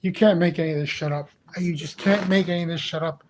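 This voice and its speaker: Brief: high-pitched man hosting his channel, angry profane rant, exasperated and repetitive. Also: fairly even intonation, fast, slight background noise. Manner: heated, profane, ranting. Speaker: channel host. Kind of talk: angry monologue vlog.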